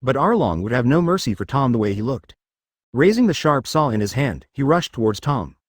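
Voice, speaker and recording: A man reading a fan fiction story aloud in an even, flat cadence. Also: medium pitch, brisk, no echo, clean studio sound. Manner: reads page artifacts and sound words flatly, even cadence. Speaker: narrator.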